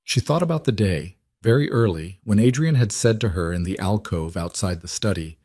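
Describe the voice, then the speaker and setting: A man narrates a scripted drama in short, even, declarative sentences. His voice sits fairly low. The sound is close and dry, with no room echo. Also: a little fast, hardly any pauses.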